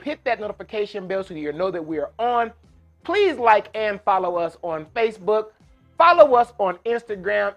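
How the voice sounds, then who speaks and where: A man hosting a live cooking demonstration in a kitchen, talking casually and folksily to his viewers. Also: high voice. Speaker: cooking show host. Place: kitchen with induction burner.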